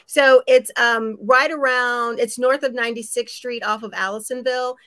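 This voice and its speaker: Upbeat female co-host, higher pitch, dry close recording. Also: fairly even intonation, normal speed, sharp tone, dry recording. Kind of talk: casual chat.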